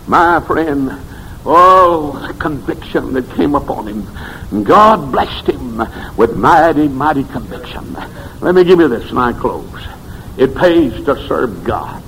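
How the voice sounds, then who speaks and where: A man preaching a revival sermon, telling stories and swinging between shouted peaks and hushed low passages. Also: sing-song, takes it slowly, a little hiss or hum, rough recording.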